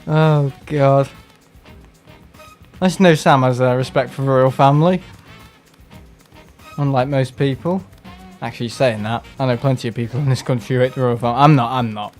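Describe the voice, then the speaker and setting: A man's voice: mid-range voice, normal speed, pauses often, faint music behind. A man chatting casually on a live game stream, rambling and sarcastic and mimicking other people in put-on voices. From England. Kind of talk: casual live-stream chat while playing.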